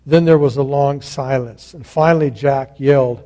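A man's voice: medium pitch, steady tone, normal speed, few pauses, dark tone. A man preaching from a church stage into a microphone, telling stories and building to emphatic points. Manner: storytelling, emphatic build-ups. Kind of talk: sermon.

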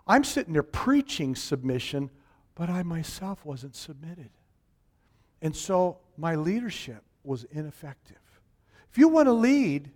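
A man preaching a sermon, telling a personal story in an animated, emphatic way and acting out the people in it. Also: fairly high pitch, a little slow. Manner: animated, emphatic, acts out quoted voices.

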